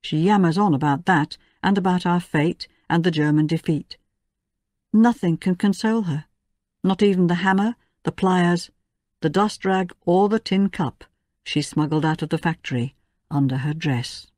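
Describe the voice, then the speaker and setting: A woman with a lowish voice narrates a first-person audiobook, telling the story in a measured, even way. The scripted reading is recorded dry, with clean studio sound.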